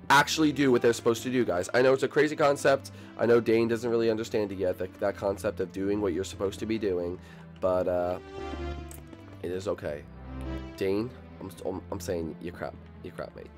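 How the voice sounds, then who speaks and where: Playful teasing man with game music. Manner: playful, teasing, jumpy swings in pitch and loudness. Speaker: gaming channel host. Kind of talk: casual gameplay commentary.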